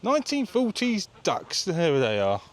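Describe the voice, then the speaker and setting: Excitable chatty man with a lively voice. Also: high-pitched, a little slow. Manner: chatty and excitable, keeps addressing viewers. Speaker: travel vlogger. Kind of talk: casual walking tour vlog. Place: visiting an open-air museum, indoors and outdoors.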